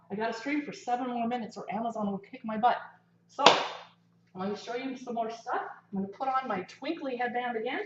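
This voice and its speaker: A woman's voice: on the high side, a little mellow, a little hiss or hum. A woman hosting a casual cooking livestream from her home kitchen, chatting to viewers as she cooks and eats. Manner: chatty, talks while eating and cooking. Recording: echoey kitchen, slightly dull sound.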